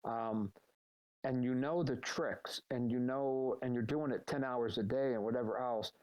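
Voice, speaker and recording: A middle-aged man, a guest in a casual live Q&A, telling animated, rambling stories over a voice chat call. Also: medium pitch, a little slow, dull audio. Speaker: guest answering fan questions.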